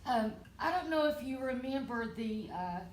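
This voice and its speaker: A woman's voice: a little high, expressive, moderate pace. A woman from the audience sharing a friendly little story in casual chat. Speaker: guest at the party. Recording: echoey room with faint noise.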